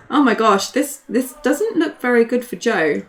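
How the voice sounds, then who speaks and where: A young woman doing casual, playful commentary on a card game, laughing often. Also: fairly high pitch. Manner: giggly, playful banter.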